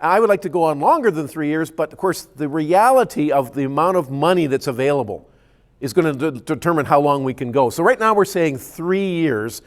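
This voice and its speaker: Slightly high-voiced man presenting slides. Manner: explanatory, repeats words when restarting. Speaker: scientist giving a presentation. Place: community meeting room.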